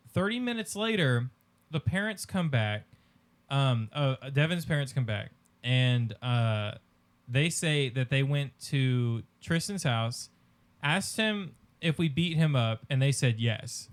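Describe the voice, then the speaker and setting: A young man hosting a podcast, telling a childhood story in casual chat with lots of ums and pauses. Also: medium pitch. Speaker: podcast host.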